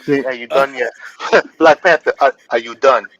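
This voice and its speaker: A man in a casual chat, easygoing and joking, with animated asides. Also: medium pitch, moderate pace, lo-fi sound, over a noisy crowd.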